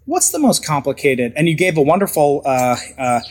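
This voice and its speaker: A man hosting an interview, building long questions as he hunts for words and stacks one term on another. He talks in a relaxed, conversational way. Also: a little high, moderate pace.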